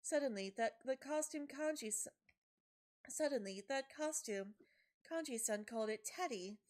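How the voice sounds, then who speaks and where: Here a woman streamer with a high-pitched, expressive, somewhat dark voice reads game story text at normal speed. She keeps slipping and self-correcting as she goes, pausing for asides.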